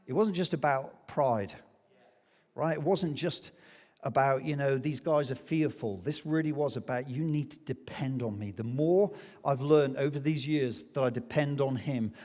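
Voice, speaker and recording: A man preaching a sermon as pastor, telling a story with lively acted-out quotes. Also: mid-range voice, normal speed. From England. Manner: animated storytelling, acts out quoted voices. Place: church hall. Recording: long hall reverb.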